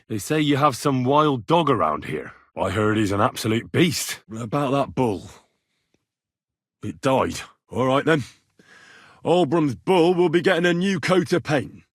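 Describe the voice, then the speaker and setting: Wry husky young medieval hero. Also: male voice, medium pitch, dry recording, clean studio sound. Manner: sardonic, swears freely. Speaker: game protagonist. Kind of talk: game voice lines.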